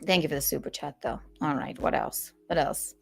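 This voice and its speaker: A woman hosting a casual livestream podcast, reading super chats aloud and venting sarcastically, swearing freely and swinging from loud outbursts to low mutters. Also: brisk, vocal fry, slightly rough, soft background music. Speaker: streamer and podcast host.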